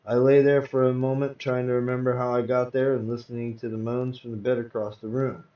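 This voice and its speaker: A man's voice: mid-range voice, flat delivery, a little fast. A man hosting a live show, reading comic book tales aloud with dramatic storytelling. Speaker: host and reader. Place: virtual-world live event. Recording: roomy, distant, dull sound.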